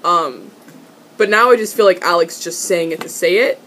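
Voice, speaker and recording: A young woman doing a casual, excitable fan recap of a TV episode, laughing, swearing and repeating herself as she rambles. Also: lowish voice, moderate pace. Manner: excitable, swearing, giggly, trailing off and repeating words. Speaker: vlogger reviewing a TV episode.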